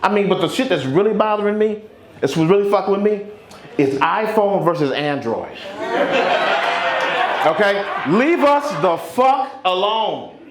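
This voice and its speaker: A man in his fifties works a stand-up set with a punchy, profane delivery. His voice sits a little high. The room is echoey, and a crowd is plainly heard around him. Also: animated, moderate pace, long pauses. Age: 50s. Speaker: stand-up comedian. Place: comedy club stage.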